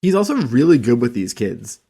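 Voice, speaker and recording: Animated, foul-mouthed man on a podcast. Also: medium pitch, moderate pace, breathy edge. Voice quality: profane, heated and outspoken. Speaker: podcast co-host. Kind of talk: casual chat.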